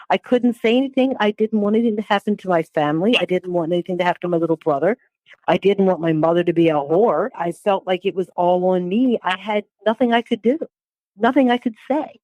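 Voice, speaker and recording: A woman in her sixties giving a personal testimony as an interview guest, halting, with repeated words and restarts. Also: medium pitch, a little mellow, dry recording. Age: 60s.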